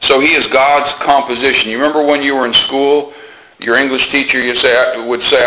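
A man preaching a sermon, teaching earnestly and deliberately, repeating phrases for emphasis with occasional fillers. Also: medium pitch, steady tone, background noise.

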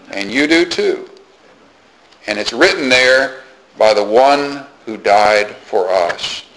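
A man's voice: medium pitch, a bit bright, rough recording. A man preaching a sermon as pastor, earnest, repeating key phrases and asking the congregation questions.

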